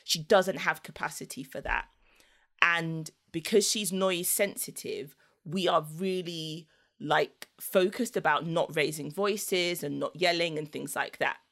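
A woman chats easily as a podcast guest, her voice sitting a little low. She tells her story casually and laughs often. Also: measured pace, a bit bright. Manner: chatty, laughs often, acts out voices in anecdotes.

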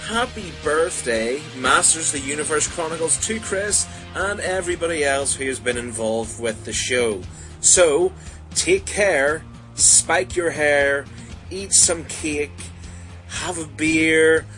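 A man's voice: fairly high pitch, expressive, takes it slowly, over music, poor audio. A man, a podcast co-host, giving a playful, theatrical recorded greeting with showman-like flourishes.

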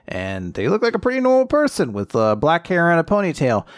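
A man's voice: fairly high pitch, a little fast, hardly any pauses, no echo, clean studio sound. A young man co-hosting a podcast, recapping a story in casual chat and acting out the characters' lines. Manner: animated, laughing, acts out quotes. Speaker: podcast co-host.

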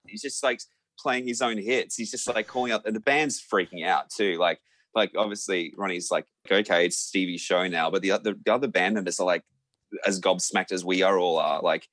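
A young Australian man, a musician, telling a lively anecdote in a casual interview, full of fillers and restarts. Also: sits low, a little fast, no echo. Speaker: musician guest.

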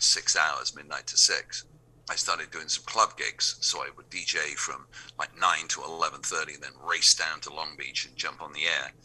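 An English-accented radio DJ with an extremely low, sharp-toned voice tells anecdotes. He acts out the remembered dialogue of the people in them, using quoted voices.

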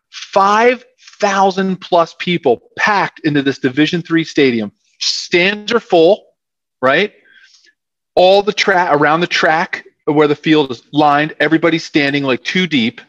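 A man's voice: on the high side, fairly bright tone, no echo. Rambling Philly man telling stories. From South Philadelphia, USA. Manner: rambling, many fillers. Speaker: former football player, guest. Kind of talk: casual storytelling interview. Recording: dull dry muffled audio.

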